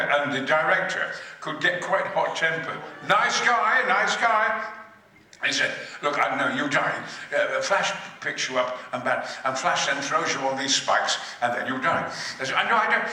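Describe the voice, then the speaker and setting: Booming sweary older man in a hall. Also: animated, moderate pace, bright, forceful tone. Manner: booming, sweary, theatrical storyteller. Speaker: panel guest at a fan convention. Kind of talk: bawdy anecdote-telling on stage. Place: large convention hall. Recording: echoey hall recorded from far off.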